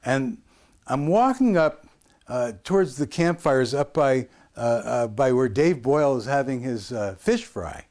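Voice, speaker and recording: A man's voice: medium pitch, expressive, unhurried, darkish tone. A man in his sixties from the United States, telling a rambling story as an interview guest, with frequent hesitations and restarts.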